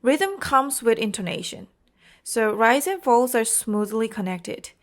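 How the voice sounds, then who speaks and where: A woman's voice: fairly high pitch, very animated, unhurried. A woman with a Korean accent teaching an IELTS exam-prep lesson, explaining carefully and often checking in with "okay?" and "you know".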